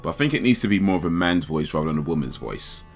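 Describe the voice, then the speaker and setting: A man's voice: deep voice, sing-song, quick pace, soft background music. A man hosting a casual livestream chat, rambling, laughing and trailing off mid-thought. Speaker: livestream host.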